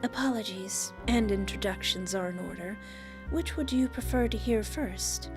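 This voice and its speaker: A woman doing a tall, composed witch with a put-on French accent, who speaks in a smooth, formal, unhurried way. The voice sits at an ordinary pitch, and background music plays under it in a visual novel read aloud. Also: close to an everyday voice. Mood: cool, composed. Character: poised, tall female witch, coolly detached.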